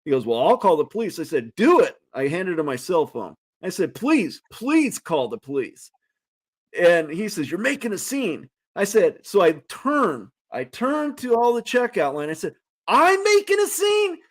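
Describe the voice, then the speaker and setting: Animated storytelling man. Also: on the high side, moderate pace. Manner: animated storyteller, loud when acting out quotes. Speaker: host. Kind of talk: casual chat telling a story.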